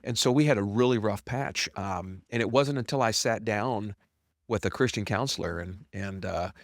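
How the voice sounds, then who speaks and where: A man's voice: moderate pace, no room sound, studio quality. A middle-aged man, a company founder, telling his story candidly as a podcast guest, bluntly and with self-deprecating humor, acting out quoted dialogue. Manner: animated, acts out quoted dialogue with big pitch jumps.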